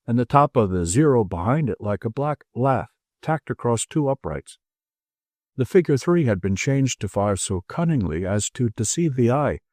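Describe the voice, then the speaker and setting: A man narrating an audiobook in expressive storytelling style. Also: medium pitch, dry recording, clean studio sound. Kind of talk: scripted narration.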